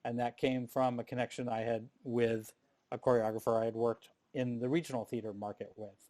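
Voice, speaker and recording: A middle-aged man on a panel, telling stories from his performing career in a lively, casual way with frequent restarts. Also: mid-range voice, a little fast. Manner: animated storyteller, frequent restarts.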